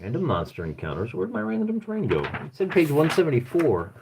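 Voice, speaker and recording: A Michigan man with a Midwestern accent hosts a live stream, rambling, thinking aloud and joking at his own expense while he flips through a rulebook hunting for pages. His gravelly voice sits a little high, swoops wildly in pitch and moves a little fast, with background noise behind him.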